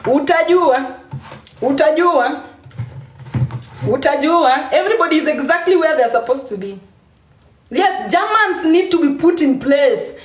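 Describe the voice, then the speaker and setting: A woman's voice: high voice, reverberant. A woman with a Kenyan accent talking casually on a live stream, laughing often and repeating phrases for emphasis.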